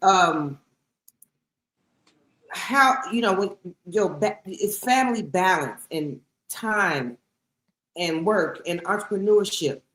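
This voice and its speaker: A woman's voice: lowish voice, lively intonation, slow, long pauses, a bit bright, echoey room, rough recording. A woman co-hosting a motorcycle podcast, asking long, rambling questions. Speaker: co-host. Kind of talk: interview questions.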